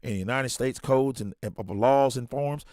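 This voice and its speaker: A man's voice: medium pitch, normal speed, a little mellow, no echo, studio quality, voice pushed up, lightly acted. A man voicing an eager young male lawyer who leaves a friendly voicemail, talking in an upbeat, folksy way with lots of fillers.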